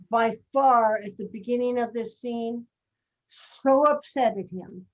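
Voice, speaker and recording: A woman teaching an acting class, talking slowly and plainly as she explains a scene to her students. Her voice sits a little high for a woman. The audio comes through a video call and sounds muffled and dull. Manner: direct, explanatory, slow-paced. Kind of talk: giving acting notes.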